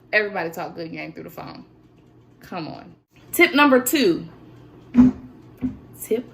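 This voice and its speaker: A teenage woman vlogging in an animated, chatty storytelling manner. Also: mid-range voice, slight background noise. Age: teens. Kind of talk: casual chat.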